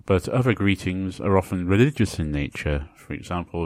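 Low-voiced man hosting a language podcast. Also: lively intonation, darkish tone, no room sound. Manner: explanatory, pronouncing example phrases slowly. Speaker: podcast host. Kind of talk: scripted educational podcast narration.

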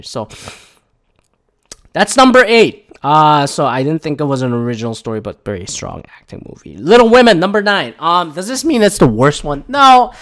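A man's voice: on the high side, a bit bright. A man from Canada hosting his own podcast, rambling through movie opinions in a casual, profane, wry way. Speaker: podcast host.

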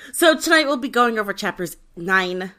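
A woman's voice: on the high side, a bit bright. A woman co-hosting a casual book-club podcast, joking and giggling as she introduces the hosts. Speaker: podcast co-host.

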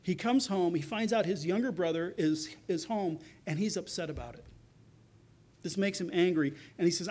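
A man's voice: sits high, moderate pace. A man preaching a sermon, speaking animatedly and voicing the characters in the passage as he goes. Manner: animated preaching, acting out characters' quotes with rising intensity. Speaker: pastor.

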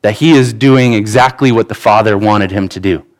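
Man preaching a lively sermon. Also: lowish voice, normal speed. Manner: animated, acting out quotes from scripture; speech with frequent restarts and repeated words. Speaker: pastor.

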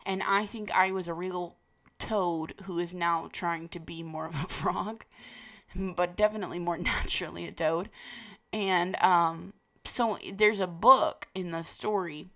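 A woman giving a casual, rambling personal talk, full of fillers and restarts, with a gravelly voice. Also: lowish voice, fairly even intonation, unhurried, bright, forceful tone.

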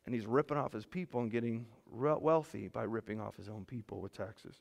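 A man preaching a sermon as pastor, animated, his voice rising and falling. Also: on the low side, fairly quick, gravelly, few pauses. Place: church hall. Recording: long hall reverb.

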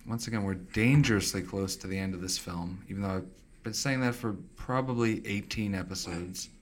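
A man co-hosting a podcast, reacting with quick quips and frequent laughter in casual chat. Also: on the low side, a little hiss or hum. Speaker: podcast co-host.

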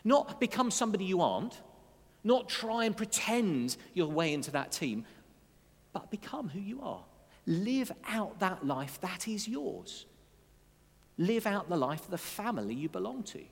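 A man's voice: sits high, big pitch swings, measured pace, vocal fry, husky. A man preaching a sermon in a conversational way, with asides and dry humour. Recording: long hall reverb.

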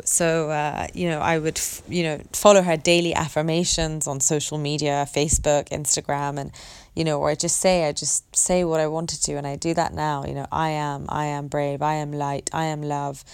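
A woman sharing a personal story in a candid monologue, reflective and halting, with many restarts and fillers. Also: deep voice, little pitch movement, smooth. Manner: earnest and open, swears casually.

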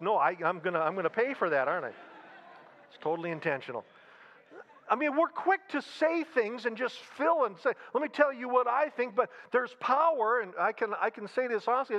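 A man with a high voice preaches in a loose, conversational way. He repeats key phrases and slips in light jokes. The recording sounds a little dull and muffled. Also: fairly bright tone. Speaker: pastor. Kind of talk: sermon.

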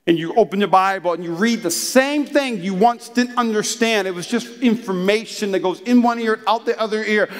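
High-voiced pastor preaching in a reverberant church hall. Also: male voice. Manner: animated, conversational preaching with acted asides. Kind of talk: sermon.

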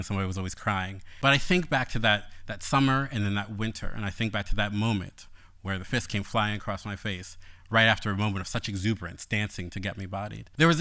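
A man telling a personal story on stage, animated and playful, later quiet and reflective. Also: on the low side.

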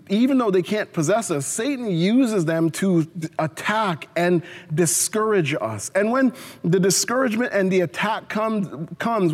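A male pastor delivering a sermon in an earnest way, often restarting his phrases. His voice sits high for a man. A long hall reverb trails after his words. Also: a little mellow. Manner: earnest preaching with repeated restarts, asks the congregation to respond.

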